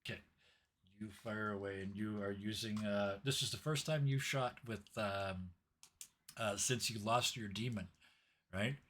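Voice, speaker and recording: A man's voice: lowish voice, unhurried, a bit bright, slight background noise. A young adult man narrating a tabletop game as game master, storytelling with added sound effects.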